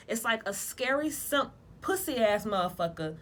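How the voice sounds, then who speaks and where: A woman giving a casual tarot reading, talking bluntly in lively slang with plenty of profanity. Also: fairly high pitch, normal speed, hardly any pauses. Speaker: tarot reader.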